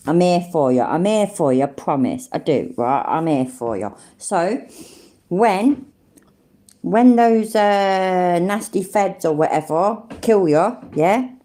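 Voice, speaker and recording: A woman's voice: lowish voice, lively intonation, slow pace, dark tone. A woman giving mocking reaction commentary over a stream, sarcastic and taunting, swearing freely.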